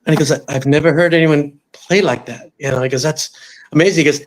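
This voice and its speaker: A middle-aged man from Los Angeles tells a long story as a guest on an interview show. His voice sits a little high for a man. He talks casually and acts out the voices of the people in his story. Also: quick pace. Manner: animated, acts out quoted voices. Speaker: musician guest.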